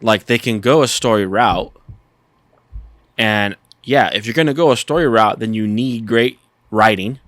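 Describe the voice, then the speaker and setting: Low-voiced man giving his opinion. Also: unhurried, a bit bright, dry recording. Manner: opinionated, earnest explaining. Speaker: podcast co-host. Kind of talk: casual podcast chat.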